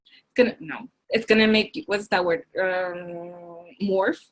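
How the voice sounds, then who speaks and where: A woman's voice: mid-range voice, measured pace. A young woman co-hosting a team video call, giving an earnest, encouraging talk from her notes and sometimes searching for words.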